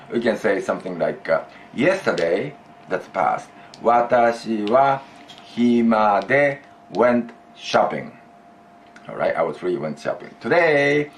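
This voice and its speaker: Male teacher; slow, lively-pitched drill delivery, repeats each phrase. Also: a little hiss or hum. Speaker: Japanese language teacher. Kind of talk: classroom grammar lesson.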